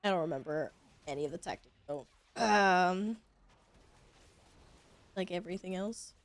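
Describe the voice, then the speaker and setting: A young woman with a lowish voice speaks a little slowly, with no echo. She's streaming a game and giving casual commentary, chatting with her viewers as she plays and swearing casually now and then.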